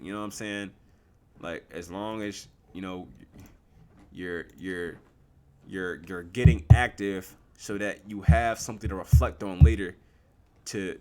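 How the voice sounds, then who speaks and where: Young man, very low voice, laid-back slangy live trading commentary that answers its own questions. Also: a little hiss or hum. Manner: relaxed, slangy and explanatory, asks and answers his own questions. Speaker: livestreaming forex trader.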